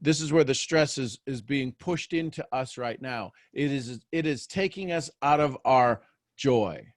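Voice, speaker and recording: Live on his daily motivational show, this man addresses listeners in an unhurried, mid-range voice, recorded clean in the studio with no echo. He poses question after question and uses repetition to build up every point.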